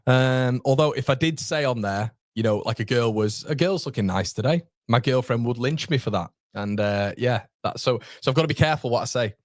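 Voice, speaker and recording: A young man hosting a casual live fan stream, chatting with viewers and reading their comments, matey and quick to laugh. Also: mid-range voice, dry recording, clean studio sound. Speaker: fan channel host reading live chat. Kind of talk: casual live watchalong chat.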